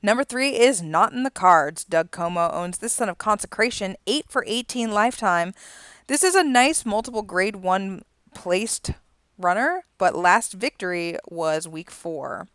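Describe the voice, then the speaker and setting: A woman hosting a simulated horse racing broadcast, calling races with rising excitement in the stretch and chatting casually about the horses between races. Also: medium pitch, a little slow, smooth, dry recording, studio quality. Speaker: race caller and stream host. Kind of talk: live horse race commentary with casual asides.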